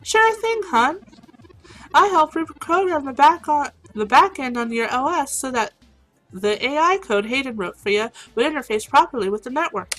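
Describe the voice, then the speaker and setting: A woman's voice: sits high, animated, normal speed, a bit bright, faint music behind, voice pushed up, poor audio. Woman reading as an easygoing hacker who calls you hun. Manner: friendly drawl attempt, read aloud. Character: breezy Southern-tinged hacker, calls people hun.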